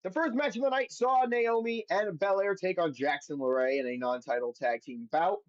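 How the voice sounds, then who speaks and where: A man's voice: high-pitched, normal speed, no room sound, highs cut off. A man hosting a podcast on his own, reading results aloud and then giving blunt, profane opinions in a casual recap. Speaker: podcast host.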